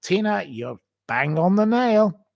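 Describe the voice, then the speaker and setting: A man's voice: sits high, big pitch swings, takes it slowly, gravelly, a little mellow. A man hosting a live stream, answering viewer comments in an emotional, indignant rant that repeats itself. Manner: indignant, ranting, repeats himself.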